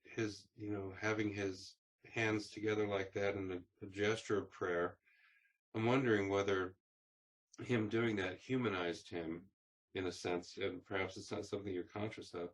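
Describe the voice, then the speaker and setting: A man's voice: fairly low pitch, level tone, moderate pace. A man interviewing a veteran, asking long and hesitant questions. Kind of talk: oral history interview.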